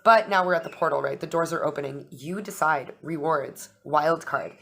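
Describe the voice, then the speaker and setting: A woman's voice: low-pitched, normal speed, vocal fry, fairly bright tone. A young woman hosting an astrology and tarot chat, talking casually, swearing freely and acting out little dialogues. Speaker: astrology and tarot channel host.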